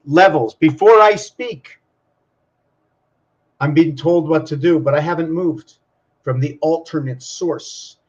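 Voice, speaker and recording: A channel host muses aloud in his own vlog, wandering from thought to thought and talking both to himself and to the camera. His voice is a little high and slow, with frequent pauses, and the audio is dull.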